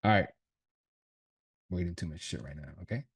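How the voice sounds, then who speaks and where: A man with a low, husky voice chats loosely through his trades on a livestream, full of slang and swearing and quick to laugh. He sounds a bit off-mic, as if the microphone sits some distance away. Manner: slangy, swears, laughs often, thinks aloud. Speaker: trader streaming his chart analysis. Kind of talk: casual livestream chat.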